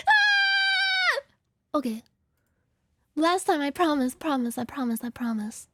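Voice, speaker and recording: A woman streamer chatting casually while playing a game, excitable and rambling, who swings into mock-angry cursing rants. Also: high voice, normal speed, pauses often, heavy background noise. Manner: rambling, giggly tangents.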